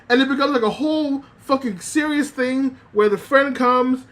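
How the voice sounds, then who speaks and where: This woman's voice sits high, and she speaks at normal speed. In her VTuber stream she rambles animatedly about anime, swearing a lot, using many fillers and reading out messages from chat.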